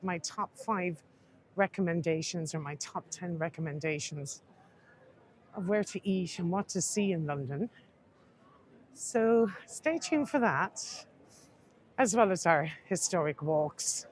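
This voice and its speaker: A woman's voice: fairly low pitch, low-quality recording. A woman tour guide narrating a walking vlog, chatting to her viewers as she walks through a busy city street. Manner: chatty, addresses viewers warmly as guys and my lovelies. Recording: loud street noise outdoors.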